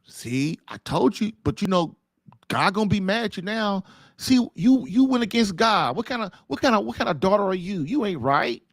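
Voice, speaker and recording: A man's voice: high-pitched, very animated, normal speed, dry recording, studio quality, full character voice. A man voicing a sly male serpent devil who coaxes and wheedles. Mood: scolding. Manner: coaxing, wheedling.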